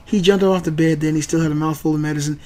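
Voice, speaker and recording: Animated man telling a story. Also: a little high, racing. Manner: animated, loudly acting out quoted lines. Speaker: channel host and father. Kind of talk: casual storytelling.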